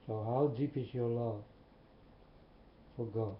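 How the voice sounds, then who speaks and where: Slow-speaking man, echoey room. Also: medium pitch, steady tone. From Netherlands. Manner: slow, repetitive, earnest questioning. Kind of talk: slow earnest monologue to viewers. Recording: muffled, echoey room with faint hiss.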